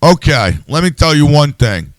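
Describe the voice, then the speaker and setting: A man's voice: fairly high pitch, big pitch swings, moderate pace, dry recording. A man hosting a podcast, ranting in a heated, profane, casual way. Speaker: podcast host.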